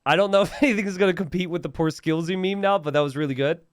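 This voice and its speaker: This game caster chats on stream with a high, rapid-fire voice, recorded cleanly in a studio with no room sound. He's giggly and animated, laughing mid-sentence, teasing viewers, correcting himself, and reacting to their memes.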